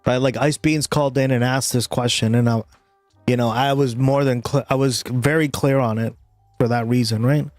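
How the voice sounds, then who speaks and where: A man's voice: medium pitch, steady tone, normal speed, darkish tone, dry recording, soft background music. A man giving casual political commentary from his parents' house, rambling and checking in with "right?" after most points. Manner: rambling, keeps adding "right?". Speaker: streamer commenting on news.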